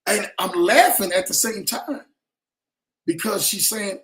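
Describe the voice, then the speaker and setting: A man hosting a casual livestream show, telling stories and giving advice in an animated way, often checking in with his listeners. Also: high voice, unhurried, reverberant. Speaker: show host.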